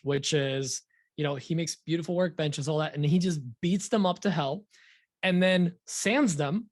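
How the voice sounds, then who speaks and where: A man co-hosting a podcast in casual chat, rambling and relaxed, with lots of fillers. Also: a little high, no room sound, studio quality. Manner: relaxed, rambling, laughs easily. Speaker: podcast co-host.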